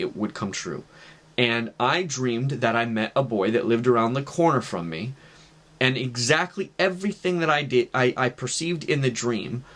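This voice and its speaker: A man's voice: mid-range voice, a bit bright. A man earnestly recounting a personal story, conversational and direct, acting out the voices in his quotes. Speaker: testimony vlogger.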